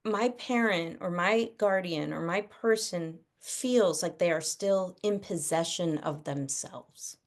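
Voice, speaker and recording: A middle-aged woman talks through parenting ideas over a video call. She speaks casually and with plenty of life, and she often drops into quick impressions of children and parents as she explains. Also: fairly low pitch. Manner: animated, acts out kids' and parents' voices. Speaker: guest parenting expert.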